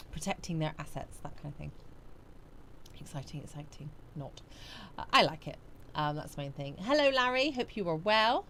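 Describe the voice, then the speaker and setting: Sleepy, chatty woman with a low voice. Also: bright, forceful tone, a little hiss or hum. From West Country, England. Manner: chatty, greets viewers by name and answers their comments. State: sleepy, yawning. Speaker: livestream host. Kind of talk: casual live chat with viewers. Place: small warm home studio.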